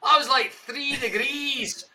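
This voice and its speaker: A man doing a big, booming Scottish brogue, full of rolled R's and throaty consonants. It sits high and bright, edging toward a shout, and it sounds a little off the mic. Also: fairly even intonation, slow pace, distant mic, heavily acted. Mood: showy. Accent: Scottish (put on).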